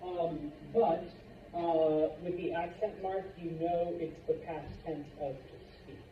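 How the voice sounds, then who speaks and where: Man teaching a class, slow, many check-ins, higher voice, roomy lo-fi recording from afar. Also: fairly even intonation, recorded from a distance, a little hiss or hum. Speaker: Spanish teacher. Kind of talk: classroom lecture.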